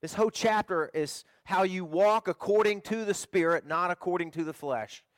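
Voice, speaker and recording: A middle-aged man preaching a sermon in a folksy, conversational way, swinging between loud emphasis and quiet storytelling. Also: sits high, moderate pace, no room sound. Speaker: pastor.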